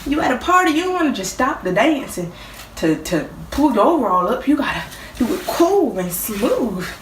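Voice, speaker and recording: A woman's voice: a little high, big pitch swings, moderate pace, far from the mic, slight background noise. A young woman, joking her way through playful casual explanations. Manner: goofy, playful, chatty. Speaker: vlogger. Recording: roomy sound from off mic.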